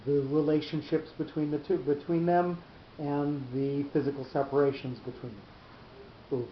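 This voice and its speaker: A man teaching a Bible class on cantillation marks, explaining each reading mark in a halting way and often repeating his words. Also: fairly even intonation. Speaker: Torah teacher. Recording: roomy, dull lo-fi recording with faint rumble.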